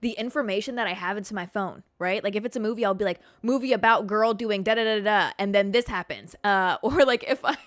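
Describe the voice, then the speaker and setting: A young woman hosting a casual solo podcast from her couch at home, talking in an animated, expressive way and swearing a lot. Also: mid-range voice, no room sound. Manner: animated and expressive, heavy swearing, frequent "like" fillers. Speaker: podcast host.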